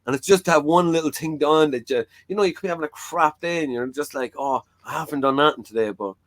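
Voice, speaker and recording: A man's voice: on the high side, fast, dry recording. Man, talk host, loose rambling chat, dry sound. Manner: rambling, frank, fillers like "like" and "you know". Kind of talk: casual chat.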